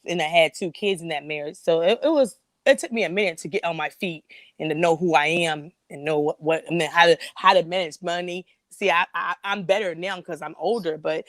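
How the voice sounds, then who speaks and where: A woman in her forties talking over her life in a casual chat, reflective and halting, often restarting her sentences. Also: fairly low pitch, no echo, studio quality. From North Carolina. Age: 40s. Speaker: guest on a live chat.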